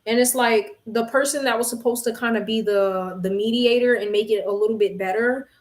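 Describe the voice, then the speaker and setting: A woman's voice: fairly high pitch, steady tone, brisk, echoey room. A young woman vlogger venting frankly to her phone camera, swearing and addressing her viewers as y'all. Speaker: vlogger and tarot reader.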